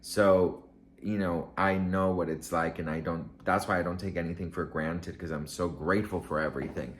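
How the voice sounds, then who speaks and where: A man's voice: sits low, steady tone, normal speed, slight background noise. A man vlogger telling a story to camera in a casual, gushing, emotional way, rambling with many fillers.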